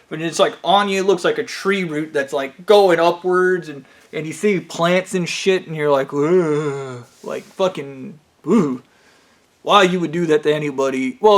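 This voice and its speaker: Male vlogger, slightly high voice; casual, profane, excitable storytelling. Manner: profane, excitable, breaks into loud yells.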